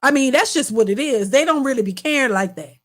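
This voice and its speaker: A woman's voice: high voice, expressive, quick pace. A woman hosting a reaction channel, giving blunt, emphatic commentary and repeating her points.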